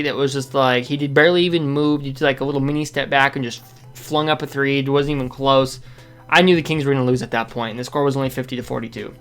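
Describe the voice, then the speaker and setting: A man's voice: fairly high pitch, fairly bright tone, smooth. A man hosting a basketball fan show, giving a casual, rambling game recap that often corrects itself and sounds frustrated.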